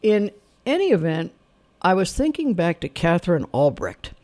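A man's voice: high-pitched, sing-song, normal speed, a little mellow. Wry older man talking on the radio. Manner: conversational, wry, opinionated storytelling. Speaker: radio host. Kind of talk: radio talk monologue.

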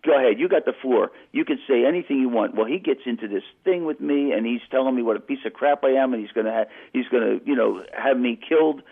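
A man telling an animated story as a guest calling into a radio show, stumbling and restarting as he goes. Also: mid-range voice, fast talker, creaky, few pauses, breathy edge. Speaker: phone-in guest. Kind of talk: casual storytelling on a phone call. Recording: tinny phone line on radio.

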